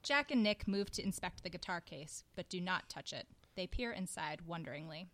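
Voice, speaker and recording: A woman reading the narration of an audio drama in a calm, matter-of-fact way. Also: on the low side, normal speed. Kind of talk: scripted narration.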